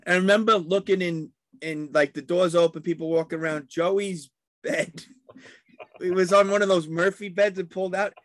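A man's voice: high-pitched, fairly even intonation, moderate pace, fairly bright tone, dry recording. Man rambling through a story in a dry room. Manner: rambling storyteller acting out quotes. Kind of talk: casual reminiscing chat.

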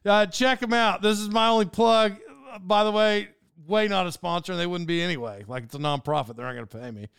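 A man's voice: high-pitched, fairly quick, vocal fry, few pauses, fairly bright tone, clean tone, dry recording, studio quality. A man hosting his own podcast, telling a rambling, self-mocking story and laughing often. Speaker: podcast host. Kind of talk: casual storytelling monologue.

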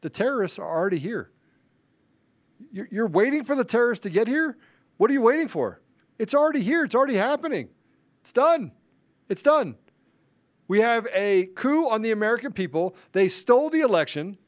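A man's voice: very high voice, sing-song, fairly quick, long pauses. A man hosting a political commentary show, ranting in a fiery, repetitive, emphatic way. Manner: self-described introvert. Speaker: show host.

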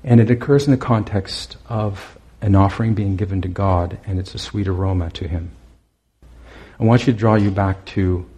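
Husky low-voiced man preaching. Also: dark tone. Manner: earnest, exhorting, with many pauses. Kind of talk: sermon.

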